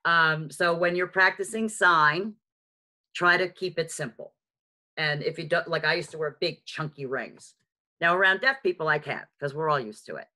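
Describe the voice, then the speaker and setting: A woman with a heavy New York accent teaching a beginner sign language lesson on a video call, chatty and frank with joking asides. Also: low-pitched. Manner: lively, chatty and frank, with quick asides and self-mocking jokes. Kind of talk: live online lesson. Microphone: video call microphone.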